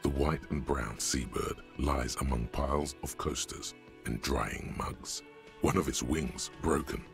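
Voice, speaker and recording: A man voicing a grave game narrator, the detective's inner thoughts, with a gravelly, measured and ominous manner. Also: extremely low pitch, faint music behind, exaggerated voice. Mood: brooding.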